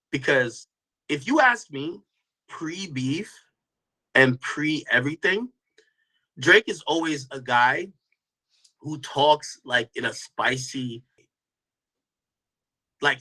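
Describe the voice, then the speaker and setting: A man's voice: mid-range voice, sharp tone, rough recording. A man hosting a casual commentary stream, talking loosely to his chat with lots of restarts and slang. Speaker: host reacting to a stream clip.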